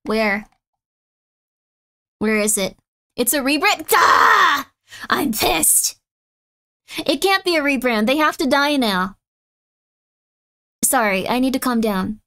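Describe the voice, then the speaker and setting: A woman with a high, light voice goes slowly on a live stream, pausing often. She responds to her chat with excitable, playful indignation, alternating loud exclamations and mumbled asides.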